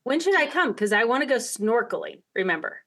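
Woman podcast host, American, high voice, lively and laugh-prone casual chat. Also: a little fast. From United States. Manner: chatty, laughs often, acts out quoted dialogue.

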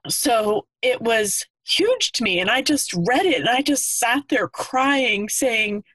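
A woman's voice: on the high side, expressive, fairly bright tone, no echo, poor audio. A woman in her fifties from Pennsylvania, tearfully and earnestly sharing her story as a caller on a video call. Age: 50s. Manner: earnest, halting. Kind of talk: emotional personal testimony.

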